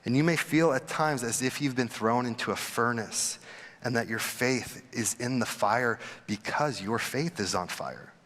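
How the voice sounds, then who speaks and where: A young adult man, a pastor giving a conversational sermon, who acts out quoted people with sudden jumps in pitch. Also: a little slow, a bit bright. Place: church sanctuary. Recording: long hall reverb.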